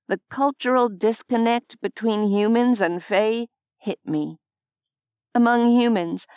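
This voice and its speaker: A woman narrating a scripted audiobook in an unhurried, even storytelling manner on a close studio mic. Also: mid-range voice, clean tone, no echo.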